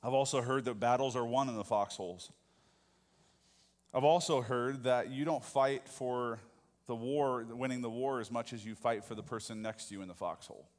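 A man's voice: medium pitch, steady tone, normal speed. A man preaching a sermon as pastor, talking conversationally and often asking the congregation questions. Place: church sanctuary. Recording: long hall reverb.

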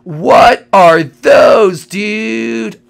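A man's voice: high voice, extremely slow, vocal fry, heavily acted. A man voicing a laid-back surfer-dude male dinosaur who has just thawed from ice, talking in drawling slacker slang for a Minecraft role-play comedy.

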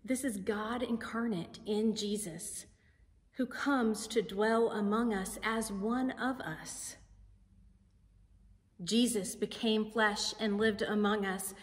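A woman pastor preaching a sermon in a slow, deliberate, emphatic way. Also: mid-range voice. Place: church sanctuary. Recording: sanctuary with long reverb.

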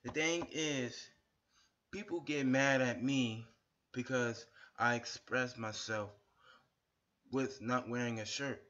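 Man, angry profane rant, repeats insults, mid pitch, muffled lo-fi webcam sound. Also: a little slow, fairly bright tone. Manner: shirtless on camera. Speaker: YouTuber. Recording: dull lo-fi webcam audio.

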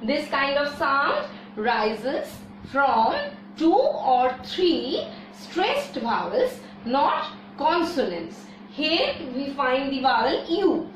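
Indian english lady teacher going over a poem, really slow, lots of uh, echoey room and mic kinda far. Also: high voice. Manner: slow, deliberate, with frequent "uh" pauses. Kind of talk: explaining a poem line by line. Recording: roomy echo from a distance with faint noise.

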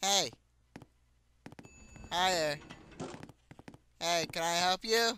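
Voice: mid-range voice, extremely slow, background noise. A playful gamer giving casual commentary and chatting goofily with characters in the game. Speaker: gameplay commentator.

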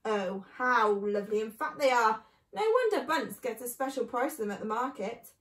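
A woman's voice: fairly high pitch, animated, moderate pace, fairly bright tone. A woman voicing a sly, boastful father fox who grins and gives orders, in a storybook reading. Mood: fussy. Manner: grinning, showy and commanding. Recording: echoey room.

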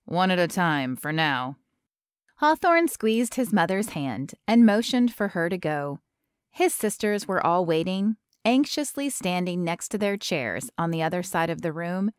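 A woman narrating an audiobook in an even, measured storytelling voice. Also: lowish voice, clean tone, no echo, clean studio sound.

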